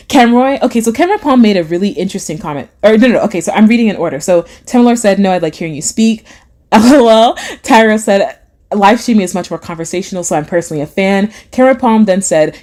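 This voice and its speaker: A young adult woman chatting casually on a live stream, reading out comments from her chat and laughing often. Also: a little mellow. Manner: chatty, giggly, acts out voices with big pitch swings.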